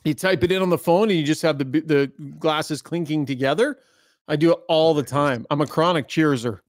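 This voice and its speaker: A man's voice: fairly high pitch, moderate pace, no echo. Jokey man, dry close sound. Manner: easygoing, jokey, reads out listener comments. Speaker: podcast guest. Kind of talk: casual podcast chat.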